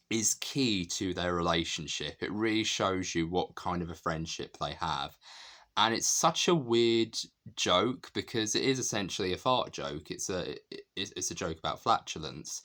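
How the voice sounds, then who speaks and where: A man's voice: low voice, fairly bright tone. A man talking casually and enthusiastically through a film's scenes, laughing as he retells the jokes. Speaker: film reviewer. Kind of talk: casual film analysis.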